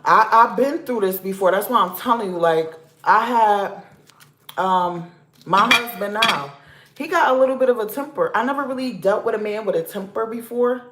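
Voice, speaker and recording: Woman, vlog host, emphatic, repetitive advice, mid-pitched voice, echoey home kitchen. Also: moderate pace, a bit bright, a little hiss or hum. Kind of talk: casual advice talk to camera. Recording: roomy echoey room.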